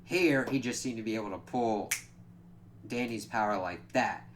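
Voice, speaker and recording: Casual low-voiced male comic reviewer. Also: moderate pace, a little hiss or hum. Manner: animated retelling, acts out characters' lines, frequent "like".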